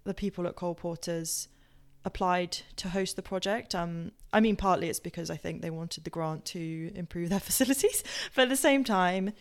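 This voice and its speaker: A woman's voice: fairly low pitch, normal speed, few pauses. Rambling posh-accented English woman. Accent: posh southern English. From Southampton, England. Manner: rambling, with many fillers and self-corrections. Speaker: podcast host. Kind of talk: casual personal storytelling.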